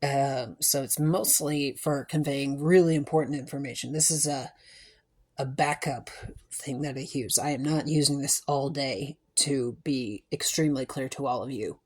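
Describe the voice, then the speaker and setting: A woman's voice: extremely low pitch, fairly even intonation, moderate pace, darkish tone, slightly rough. A young woman with a sore throat telling a story in a chatty, playful way, with lots of fillers. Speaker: vlogger. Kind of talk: casual storytelling to camera.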